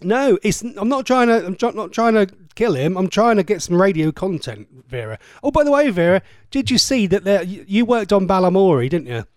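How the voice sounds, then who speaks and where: A male radio presenter with a high, very animated voice talks fairly quickly with hardly any pauses, heard in a dry, studio-quality recording from a radio studio. Chatty and cheeky, he rambles through listener messages, often stammering and restarting.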